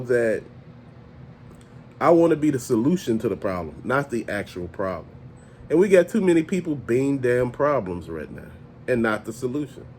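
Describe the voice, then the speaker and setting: Animated man ranting casually. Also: mid-range voice, slight background noise. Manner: animated, profane, conversational. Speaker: toy channel host.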